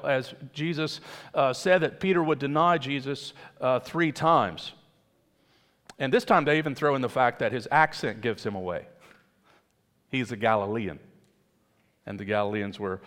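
A man's voice: medium pitch, fairly bright tone, big-room sound. A man preaching a sermon, talking to the congregation in a conversational way and asking rhetorical questions. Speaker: pastor.

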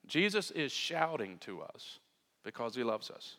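A man's voice: mid-range voice, very animated, measured pace, sharp tone, long reverb tail. A man preaching a sermon in an earnest, emphatic way, often turning to talk straight to his congregation. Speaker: pastor.

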